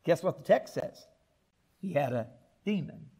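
A male pastor preaching a sermon in an animated way, repeating words and adding joking asides. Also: a little high, a little slow, husky.

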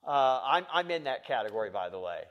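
A male pastor delivering a sermon, swinging from low, quiet lines to loud, pressing ones and putting questions straight to the congregation. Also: big pitch swings, brisk, dull audio.

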